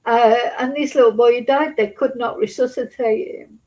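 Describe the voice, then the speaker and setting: A middle-aged woman, a Spanish teacher, telling a personal story to camera in a halting, rambling way, close to tears. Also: a little high, steady tone, a little mellow, low-quality recording. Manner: halting, full of restarts and asides. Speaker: Spanish teacher and channel host.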